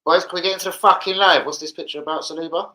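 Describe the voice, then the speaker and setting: A man's voice: fairly high pitch, steady tone, rapid-fire, pushed and bright, rough recording. A man chatting live to viewers about football, with sweary, blunt banter. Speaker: football fan streamer. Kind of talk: casual live-stream chat.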